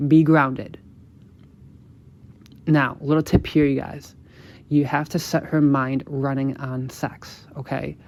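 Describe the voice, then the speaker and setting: A man hosting a podcast, coaching listeners with emphatic, repetitive instructions and casual swearing, dropping lower and quieter when he acts out sample lines. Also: vocal fry. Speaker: podcast host, dating coach.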